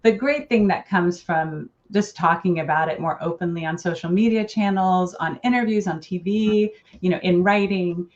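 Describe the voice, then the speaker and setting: A woman's voice: lowish voice, normal speed. Earnest woman therapist on a lo-fi recording. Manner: thoughtful, earnest, with light laughs. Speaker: relationship therapist, guest. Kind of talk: podcast interview. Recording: dull lo-fi sound.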